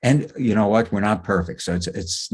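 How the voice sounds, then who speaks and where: Husky-voiced older man telling stories. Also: lowish voice, moderate pace. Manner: warm anecdotal storyteller, chuckles and restarts. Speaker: psychologist guest speaker. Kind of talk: conversational webinar talk. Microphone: video call microphone.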